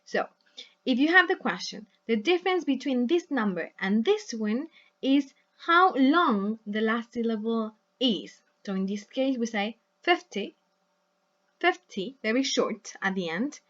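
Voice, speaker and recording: A woman's voice: fairly high pitch, lively intonation, a bit bright, highs cut off. A woman teaching an English lesson in a recorded video, modelling words for her students to repeat and checking in with them often. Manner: patient, checks in with "right?" and "yes?"; models words slowly for repetition.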